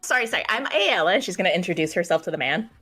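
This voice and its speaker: A woman's voice: fairly low pitch, expressive, fast, a bit bright, slightly rough, faint music behind. A woman playing a tabletop game in character, giggly and flustered. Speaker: player.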